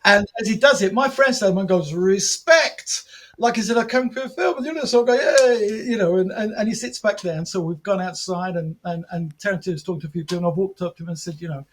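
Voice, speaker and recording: A man as a podcast guest, telling animated anecdotes, acting out quoted dialogue with frequent restarts. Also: sits high, fast, hardly any pauses. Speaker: podcast guest, martial arts film promoter and author. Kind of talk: casual podcast storytelling.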